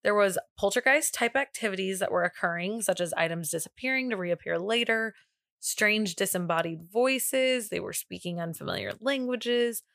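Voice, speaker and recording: A woman's voice: medium pitch, lively intonation, moderate pace, gravelly, a bit bright, no room sound, studio quality. A woman co-hosting a podcast, retelling a spooky story in a loose, chatty way with many fillers. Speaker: podcast co-host. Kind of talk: casual chat and storytelling.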